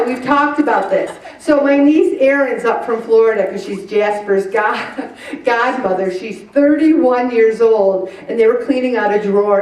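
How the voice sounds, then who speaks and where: A woman's voice: sits high, a little mellow, far from the mic. Chatty woman in her sixties, echoey room. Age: 60s. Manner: chatty, acts out little scenes, laughs often. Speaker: host of a Catholic weight loss group. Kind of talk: talk to a group.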